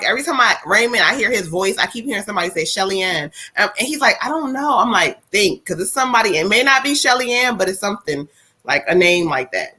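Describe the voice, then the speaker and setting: A woman medium talking on a live stream with a bright, tense voice that swings widely in pitch. She chats in slangy, animated bursts and laughs often. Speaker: psychic medium. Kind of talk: casual live-stream chat.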